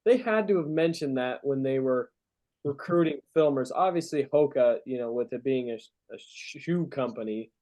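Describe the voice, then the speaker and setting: A man co-hosting a podcast, chatting casually in a thoughtful, measured way. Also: mid-range voice, expressive, dark tone. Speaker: podcast co-host. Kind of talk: casual review chat.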